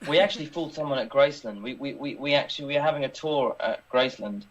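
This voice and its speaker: A man with an English accent, an actor chatting casually in an interview and telling relaxed anecdotes. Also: mid-range voice, fast talker, slightly rough, highs cut off. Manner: relaxed anecdotal storytelling with restarts.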